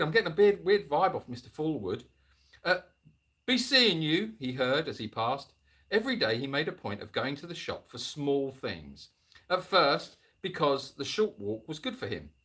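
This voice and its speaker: A man reading a spooky story to a livestream audience, pausing again and again to mock it with dry, jokey asides. His voice is husky yet bright, with a lively, swooping pitch. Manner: jokey, interrupts the reading with sarcastic comments.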